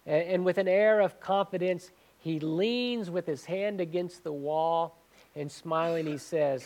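A man's voice: on the high side, measured pace, a little mellow. A man preaching as a pastor, conversational and asking his congregation questions. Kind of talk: sermon.

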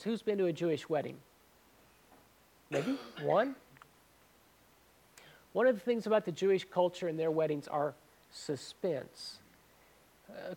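A man's voice: sits high, creaky, a little mellow. A man preaching as a pastor, conversational and asking his congregation questions. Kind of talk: sermon.

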